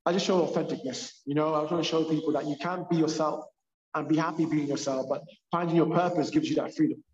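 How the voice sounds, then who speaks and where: London man, purpose coach on a podcast, quick and a bit high, emphatic, echoey lo-fi audio. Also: slight background noise. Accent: London English. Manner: animated, emphatic storyteller. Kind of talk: casual podcast conversation. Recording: echoey, dull lo-fi sound.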